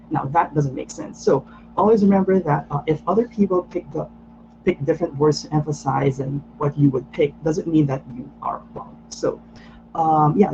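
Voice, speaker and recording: Guy teaching lettering on a video call, kinda high voice, slightly muffled audio, lots of "so, um". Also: dark tone, a little hiss or hum. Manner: patient, explanatory, frequent "so" and "um" fillers. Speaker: lettering workshop instructor. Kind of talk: online workshop teaching.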